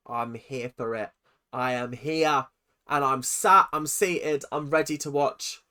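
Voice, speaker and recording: A young host in their twenties, ranting through a reaction video in a sarcastic, animated way and swearing freely. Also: medium pitch, takes it slowly, soft background music. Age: 20s.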